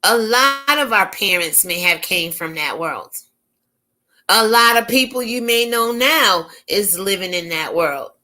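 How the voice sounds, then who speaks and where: A woman's voice: medium pitch, lively intonation, measured pace, sharp tone. A woman from the United States hosting a casual opinion commentary, talking emphatically and firing off rhetorical questions. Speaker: commentary channel host.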